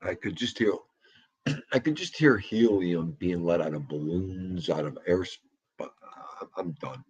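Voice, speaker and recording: Profane, rambling livestream host. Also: male voice, sits low, measured pace, darkish tone, slightly rough, muffled recording. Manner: rambling, profane, joking banter. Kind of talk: casual livestream chat.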